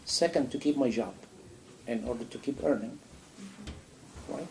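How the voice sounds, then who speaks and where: A man giving a sermon in a mosque, animated and full of rhetorical questions. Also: mid-range voice, a little slow, gravelly, a little hiss or hum, rough recording. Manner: animated, acts out a dialogue with God, rhetorical questions. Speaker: imam answering a question. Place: mosque hall.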